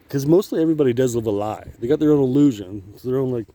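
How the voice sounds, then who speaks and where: A man's voice: mid-range voice, racing, few pauses, warm tone, a little hiss or hum. A man talking in a rambling, profane monologue while walking outdoors on a wooded path, filming himself with a handheld camera. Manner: rambling, profane, laughs often. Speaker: vlogger.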